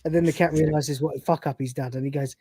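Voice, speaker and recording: Woman co-host, casual and swearing, lowish pitch, dry close mic. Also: fairly even intonation, quick pace, mellow, breathy edge, no echo. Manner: rambling, profane and chatty, acting out scenes. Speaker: podcast co-host. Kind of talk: casual live-stream episode recap.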